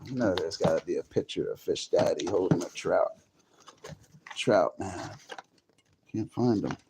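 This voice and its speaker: A man's voice: low-pitched, expressive, a little slow, vocal fry, very noisy. Cursing, rambling male streamer. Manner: profane, rambling, easily frustrated. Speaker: live streamer. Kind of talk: casual livestream chat.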